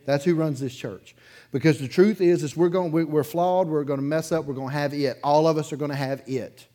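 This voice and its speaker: Guy preaching to his church, folksy story mode, laughs a lot, gets loud then drops way down. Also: a little fast. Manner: conversational storytelling, chuckles between sentences; swings from loud excited bursts to quiet low asides. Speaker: pastor. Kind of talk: sermon. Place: church sanctuary, in front of a congregation.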